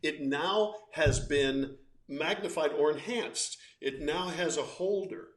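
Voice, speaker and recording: A man's voice: a little high, slow pace, roomy sound. A man hosting a casual live-stream chat with his wife, joking and teasing as he talks. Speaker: host.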